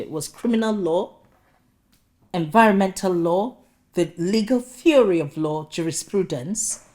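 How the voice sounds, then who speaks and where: A woman from Nigeria with a Nigerian accent, giving a lecture about her personal journey as a professor, telling it with animated storytelling and humorous asides. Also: medium pitch. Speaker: guest speaker, professor.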